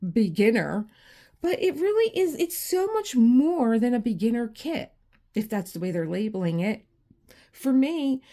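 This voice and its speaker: A tired, low-energy woman chatting casually while doing a craft, rambling with many restarts and growing teary as she tells personal stories. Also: mellow. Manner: rambling, restarts often, emotional storytelling. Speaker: crafting channel host. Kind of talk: casual chat while diamond painting. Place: home room.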